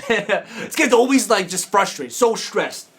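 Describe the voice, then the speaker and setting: A man hosting a coaching show with a high voice that swings widely in pitch. He talks in a loose, emphatic motivational way, hammering phrases over and over and throwing in swearing and laughter. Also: expressive, takes it slowly, creaky, fairly bright tone, husky. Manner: emphatic, repetitive, profane, laughing asides. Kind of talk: casual motivational talk.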